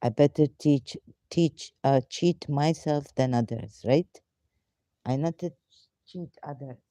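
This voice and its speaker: A woman hosting a casual live question-and-answer session, talking in halting, rambling, broken English with frequent fillers, and sometimes talking to herself. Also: deep voice, mellow, no echo. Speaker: live Q&A host.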